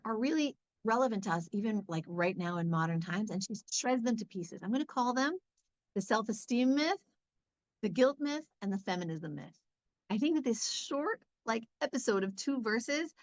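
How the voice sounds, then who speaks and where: Woman teaching scripture, chatty and lively, fairly high voice, dull lo-fi sound. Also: no echo. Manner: chatty, lively, with many fillers. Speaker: Torah teacher. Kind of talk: conversational Bible lesson.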